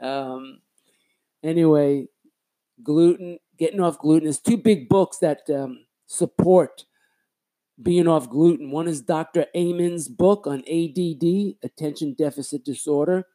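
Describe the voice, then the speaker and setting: A man's voice: fairly high pitch, unhurried, warm tone. A man hosting his own solo podcast in a casual, rambling, chatty way, often correcting himself mid-sentence. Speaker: podcast host.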